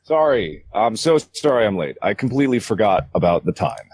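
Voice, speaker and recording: A man's voice: on the low side, sing-song, a little fast, darkish tone, breathy edge, no room sound. A man joining a podcast as a guest in easygoing, casual chat.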